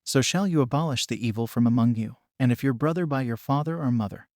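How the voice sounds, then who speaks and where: A man reading scripture aloud as an audiobook, in a steady, measured way. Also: medium pitch, no echo, studio quality. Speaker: scripture reader.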